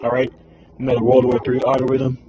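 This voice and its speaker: A man delivers loose religious commentary at a mid pitch, piling fillers between his phrases. The audio is dull and lo-fi, with a faint hiss beneath it. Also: completely flat delivery, fast. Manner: rambling with constant fillers like all right and man. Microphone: phone screen recording.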